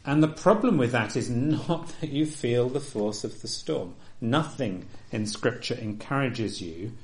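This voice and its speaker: A man preaching a sermon, earnest and emphatic, often dropping to a soft, quiet delivery. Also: medium pitch, expressive, unhurried.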